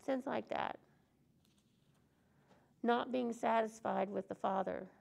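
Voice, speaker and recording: A woman's voice: a little high, fairly even intonation, takes it slowly, gravelly, a little mellow. A woman preaching an earnest, conversational sermon in a church service.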